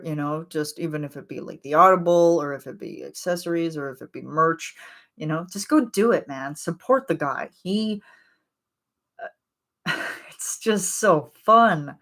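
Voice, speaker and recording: A woman in her late twenties, chatting casually with viewers on a livestream in a rambling, chatty way, with plenty of fillers and laughs. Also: on the low side. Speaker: livestream host.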